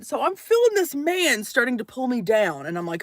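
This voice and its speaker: A young woman telling a story to her camera from inside her minivan, jumping between loud acted quotes and hushed asides. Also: high voice, very animated, moderate pace, dry recording, clean studio sound. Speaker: vlogger.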